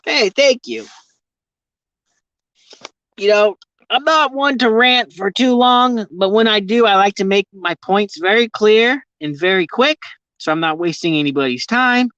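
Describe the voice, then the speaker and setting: A man's voice: sits high, measured pace, a bit bright, clean tone, dry recording, muffled recording. A man vlogging casually from inside his vehicle, rambling and ranting with constant profanity. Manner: profane, heavy swearing, ranting.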